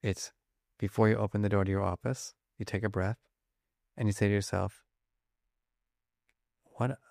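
A man being interviewed about his research, talking quickly and acting out little scenes as examples. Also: fairly low pitch, creaky, no room sound, clean studio sound. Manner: animated, fast-talking, acts out examples. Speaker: guest, emotion researcher. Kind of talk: conversational interview.

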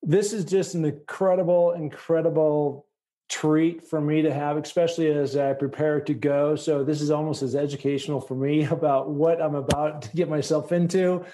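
A middle-aged man from the United States hosts a casual podcast interview. His voice sits a bit high yet sounds mellow and warm. He talks with enthusiasm and rambles with plenty of fillers. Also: fairly even intonation, normal speed. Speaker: podcast host.

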